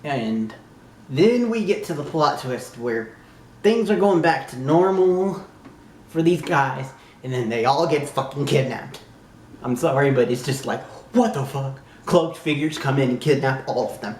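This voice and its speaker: A young man from the southern United States reviews something casually for YouTube, gushing, exclaiming and swearing freely like an excited fan. His mid-range voice is unhurried, with slight background noise in an echoey room.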